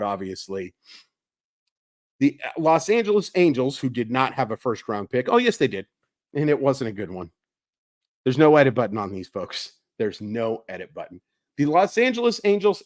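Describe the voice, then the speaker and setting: A man giving a solo sports analysis, talking in an animated, conversational way and correcting himself as he goes. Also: mid-range voice, no echo, clean studio sound. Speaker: baseball analyst.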